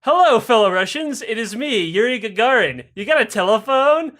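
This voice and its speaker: A man voicing a cocky, triumphant male cosmonaut in a loud, brash manner. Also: very high voice, expressive, normal speed, pitched above the performer's own voice.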